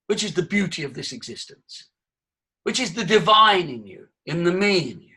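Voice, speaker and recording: An older man, a voice coach, giving an exuberant, theatrical talk to a live audience, swinging between loud and soft. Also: high voice, lively intonation, normal speed, slightly rough.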